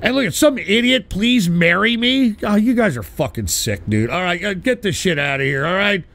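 A man streaming live, reacting to clips with loud, profane outbursts. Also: sits high, sing-song, fairly quick, gravelly.

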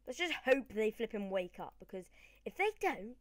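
Excitable woman gamer, dry close mic. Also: on the high side, moderate pace, dry recording. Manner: excitable, rambling, swings between loud cheers and mumbles. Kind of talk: let's-play commentary. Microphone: desk microphone.

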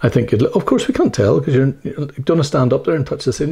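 A man's voice: mid-range voice, animated, quick pace, creaky, hardly any pauses, warm tone, breathy edge. A man, co-hosting a podcast in playful, teasing banter. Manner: teasing, playful banter with repeated name-calling. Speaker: podcast co-host. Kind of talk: casual chat.

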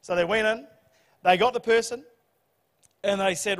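A man preaching a sermon, telling the story in a humorous, animated way. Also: high-pitched, moderate pace. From New Zealand. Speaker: pastor. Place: church hall. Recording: church hall reverb.

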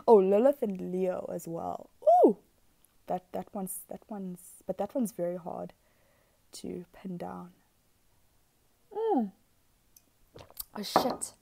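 A woman's voice: medium pitch, slow, vocal fry, pauses often, mellow, dry recording. A woman giving a casual, rambling astrology talk, giggly and chatty, who swears freely and slips into whispered asides. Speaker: astrology vlogger.

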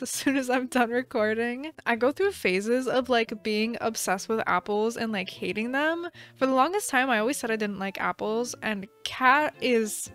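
A woman's voice: fairly high pitch, fairly bright tone. A young woman in her twenties casually commenting on her gameplay, rambling and giggling, and playfully scolding the game characters. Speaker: gaming channel host. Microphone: desk microphone.

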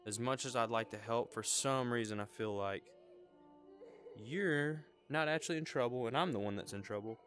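A man's voice: mid-range voice, normal speed, fairly bright tone, soft background music. A young man commenting on a horror game, talking nervously to the characters and blurting repeated warnings when startled. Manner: jumpy, nervous chatter to game characters, bursts of repeated "hey". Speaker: gaming video host.

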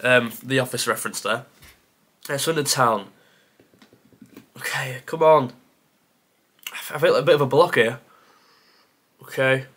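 A man talking himself through a timed quiz, half muttering and often sighing. His pitch sits at an ordinary middle level, and he pokes fun at himself between answers. It sounds like a casual creator video. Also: a little slow, pauses often, fairly bright tone. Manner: mutters to himself, sighs, self-deprecating. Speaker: football content creator. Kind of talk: thinking aloud during a timed quiz.

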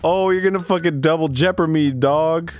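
A man co-hosting a gaming show, playful and loud, who swears freely and breaks into high laughs. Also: fairly quick. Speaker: co-host. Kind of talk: casual gaming banter.

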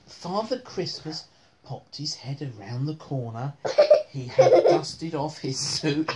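A woman's voice: a bass voice, a little mellow, a little hiss or hum. A woman reading a bedtime story aloud to her children at home, often breaking into laughter as she reads.

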